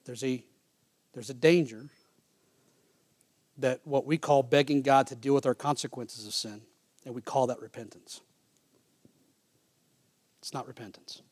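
A male pastor preaching a sermon and reading scripture aloud. He swings from loud, high-pitched emphasis down to quiet, low asides. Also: steady tone, unhurried, long pauses, no echo. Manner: reads scripture in King James wording.

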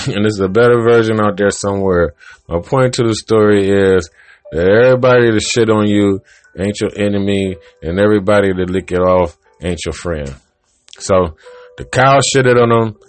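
A man with a lowish voice rambles through a story, cursing freely and cutting himself off mid-thought. Faint music plays under his talk. His delivery is loose and unscripted. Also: normal speed. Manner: rambling, profane, self-interrupting. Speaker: podcast host. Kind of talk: casual monologue, telling an old joke.

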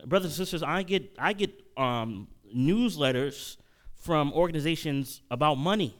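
Male preacher, slightly higher voice, lecturing congregation; restarts often, swells to loud emphasis. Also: moderate pace. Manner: builds to loud, emphatic bursts; repeats and restarts while reading quotes aloud. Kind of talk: sermon lecture.

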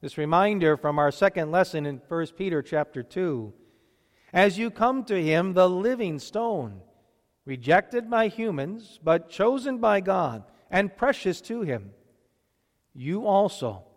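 A man with a fairly high voice reads scripture and preaches in a church at a measured, deliberate pace. His words carry a long reverb, as if spoken in a large hall. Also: animated. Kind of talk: scripture reading and sermon.

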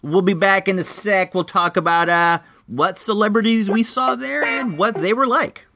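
A man hosting a podcast, talking casually in a lively, chatty way with drawn-out asides. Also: sits high, creaky, background noise. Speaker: podcast host. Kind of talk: casual monologue.

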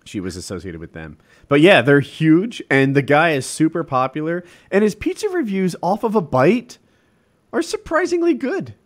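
A man co-hosting a podcast, chatting casually and hedging his claims, often trailing off softly. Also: a little high, sing-song, moderate pace. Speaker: podcast co-host. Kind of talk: casual chat.

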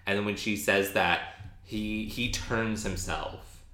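A man's voice: on the low side, slow. Chatty man recapping in an echoey room. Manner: chatty, animated, frequent restarts and ums. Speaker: podcast co-host. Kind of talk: casual recap chat.

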